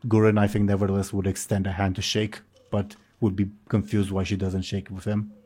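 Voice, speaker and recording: A man's voice: lowish voice, completely flat delivery, brisk, warm tone, breathy edge. A man running a tabletop game as game master, narrating in a rambling, self-correcting, casual way.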